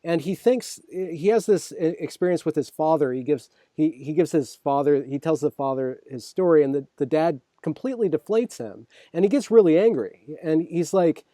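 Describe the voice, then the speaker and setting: A man hosting a casual conversation, thinking out loud with many restarts and checking "right?" as he explains. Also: a little high, lively intonation, normal speed, few pauses, no echo, studio quality. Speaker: host.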